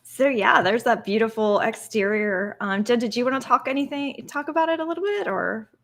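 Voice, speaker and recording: A woman's voice: on the high side, brisk, a bit bright. A woman co-hosting a casual live stream, gushing enthusiastically about what she sees. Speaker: co-host.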